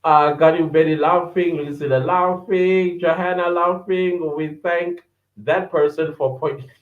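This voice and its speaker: A man's voice: fairly high pitch, steady tone, measured pace. A man hosting a livestream podcast, chatting casually, laughing often and greeting viewers by name as he reads their comments aloud. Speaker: podcast host reading live chat. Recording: echoey room, dull lo-fi sound.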